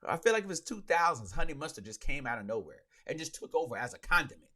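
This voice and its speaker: A man's voice: a little high, sing-song, quick pace, sharp tone. A man hosting his own podcast, ranting and joking in casual solo sports talk. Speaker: podcast host.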